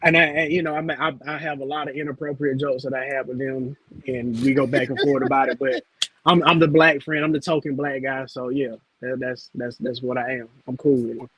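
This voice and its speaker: A man's voice: mid-range voice, fairly even intonation, a little fast, fairly bright tone, breathy edge, low-quality recording. A man on a casual panel chat, laid-back and hesitant, often repeating himself as he starts sentences.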